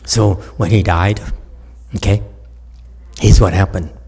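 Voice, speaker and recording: Husky, laughing Buddhist teacher, slow. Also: male voice, low voice, steady tone, warm tone. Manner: jokey, laughs often, talks straight to listeners. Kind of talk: informal dharma talk with storytelling.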